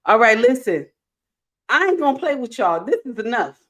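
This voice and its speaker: A middle-aged woman hosting a live stream, reading viewer comments aloud with animated, playful scolding. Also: on the high side, moderate pace. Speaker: host.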